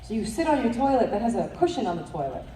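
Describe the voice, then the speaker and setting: This actress guest on a convention panel has a New York accent and a fairly high, very animated voice, quick and warm. Chatty and rambling, she swears, laughs a lot, and keeps restarting her thoughts. The audio is roomy, picked up by a distant mic with a faint hiss.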